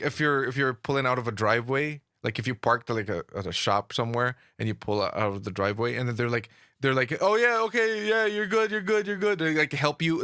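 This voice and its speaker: A man chatting on a podcast with a bright, forward voice. The sound is dry and close. He talks hesitantly and fills his sentences with fillers. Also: mid-range voice, no echo. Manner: hesitant, filler-heavy, loose phrasing. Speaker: podcast co-host. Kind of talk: casual chat.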